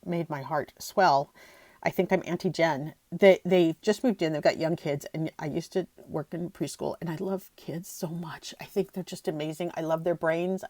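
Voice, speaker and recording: Middle-aged female podcast host, heartfelt and rambling, lowish voice, dry booth sound. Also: a little mellow, no echo. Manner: emotional, gushing, voice catching near tears; rambling with frequent restarts. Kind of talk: emotional solo podcast talk.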